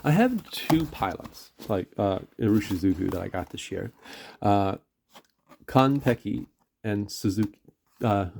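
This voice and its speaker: Gravelly-voiced Canadian man, rambling vlog. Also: fairly low pitch, a little mellow. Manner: rambling, hesitant, many fillers and self-corrections. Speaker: pen and ink reviewer. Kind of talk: casual vlog review.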